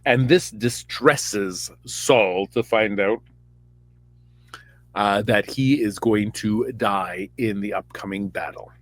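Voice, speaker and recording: A man's voice: on the low side, takes it slowly. A podcast host, a man, retelling a Bible story in a rambling, irreverent, campy way.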